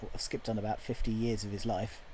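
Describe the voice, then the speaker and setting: A man's voice: lowish voice, little pitch movement, fast talker, warm tone, a little hiss or hum, rough recording. A man chatting casually to himself while composing a musical, joking as he thinks aloud at his computer. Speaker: musical writer.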